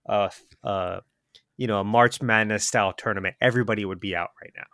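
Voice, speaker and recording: A man's voice: lowish voice, steady tone, fairly quick, a bit bright, dry recording, clean studio sound. A man speaking as a guest on a casual podcast, hesitant with restarts and frequent laughs.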